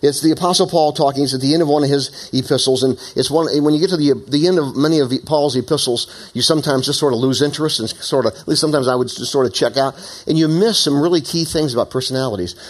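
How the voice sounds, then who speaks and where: A man preaching a sermon in an animated, conversational way, with frequent asides. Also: mid-range voice, quick pace. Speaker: pastor. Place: church meeting in an opera house.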